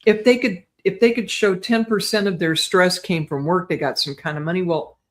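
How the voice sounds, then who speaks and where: An older woman, a guest on an interview show, chatting in a lively way and often checking in with "right?". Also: lowish voice, moderate pace. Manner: chatty, animated, tags lines with "right?". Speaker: guest psychic medium. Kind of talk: casual storytelling interview.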